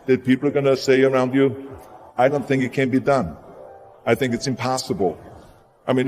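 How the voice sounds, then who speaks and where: A man's voice: medium pitch, a little mellow. German-accented man giving a motivational speech. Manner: emphatic, repeats for punch. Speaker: motivational speaker. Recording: long hall reverb with music behind.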